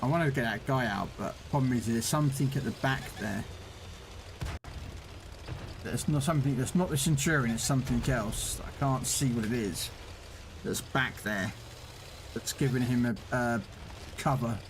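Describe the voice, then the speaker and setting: A man's voice: medium pitch, normal speed, pauses often, background noise. A man chatting casually while streaming a tank game, laughing at his own stories. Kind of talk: casual gameplay commentary.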